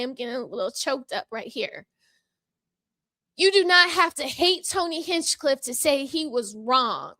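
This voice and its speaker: Sassy bright-voiced woman vlogger. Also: high-pitched, no echo. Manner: sassy, emphatic, mock-courtroom delivery. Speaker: channel host. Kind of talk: impassioned commentary vlog. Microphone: microphone.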